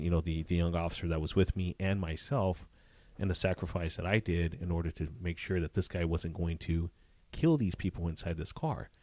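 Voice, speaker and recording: A man, a former police detective, telling profane, animated stories from his career in a casual interview. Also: low-pitched, no room sound. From Southern California. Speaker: retired police detective, guest.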